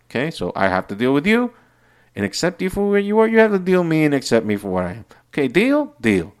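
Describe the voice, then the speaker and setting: A man hosting a podcast, delivering an unscripted, profane rant that swings between heated outbursts and low muttering. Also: wildly swooping pitch, quick pace. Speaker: podcast host. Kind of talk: unscripted ranting monologue.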